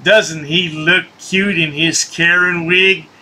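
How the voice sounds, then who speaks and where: Male commentary host, high bright voice, slow sarcastic taunting delivery. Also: steady tone. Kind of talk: mocking commentary over clips.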